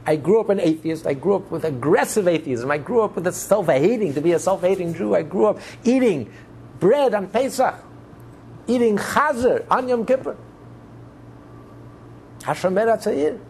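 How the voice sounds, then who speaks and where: A man's voice: high-pitched, expressive, moderate pace, gravelly, darkish tone, a little hiss or hum, pitched above the performer's own voice. A man voicing an emotional secular kibbutznik man who pleads urgently in a raised voice. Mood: overwhelmed.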